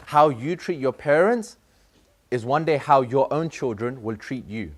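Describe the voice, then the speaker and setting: Man, teacher, slightly higher voice, animated storyteller for a school assembly. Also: brisk. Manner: lively, acts out the boy and father in the story. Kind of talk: storytelling talk to a school class.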